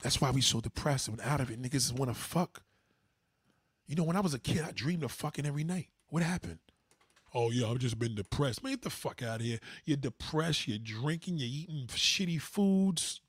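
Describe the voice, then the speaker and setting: A man's voice: expressive, fairly quick, a bit bright, slightly rough, dry recording. A man hosting a livestream, giving blunt, profane advice to his viewers in a casual, preachy way. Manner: mimics others in higher pitch. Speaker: livestream host.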